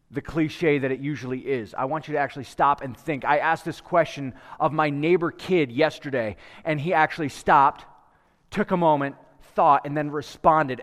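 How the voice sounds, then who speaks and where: A male pastor, his voice slightly high and a bit bright, preaches to a live congregation in a large church hall. He prays, tells a story, and puts questions to the people in a conversational manner.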